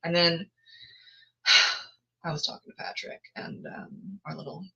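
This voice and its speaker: A woman's voice: on the low side, animated, takes it slowly, pushed and bright, slightly rough, lo-fi sound. A woman chatting casually and rambling on a live stream, with laughing asides. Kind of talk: casual chat.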